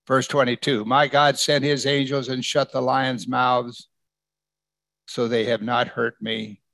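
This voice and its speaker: A man's voice: mid-range voice, gravelly, a bit bright, no room sound. A man preaching a conversational sermon, reading scripture verse by verse and putting questions to his listeners. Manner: conversational, asks the congregation questions. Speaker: pastor.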